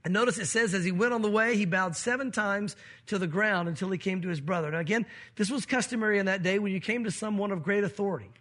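A male pastor preaching with a high, husky voice. He walks through the scripture and now and then acts out the quoted voices of the people in the story. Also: a bit bright. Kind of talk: sermon.

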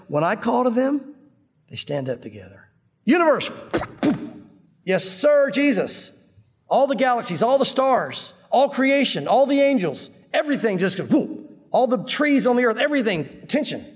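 A man preaching an expository sermon, animated and conversational, dropping suddenly to a hush at times. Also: high-pitched, a little fast, slightly rough, big-room sound. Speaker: pastor.

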